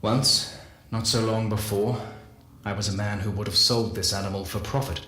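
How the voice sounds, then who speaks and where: An actor playing a solemn male scientist narrating a game audio journal, measured and confessional. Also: fairly low pitch, steady tone, sharp tone. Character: solemn male scientist recounting guilty secrets. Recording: echoey voice with faint music.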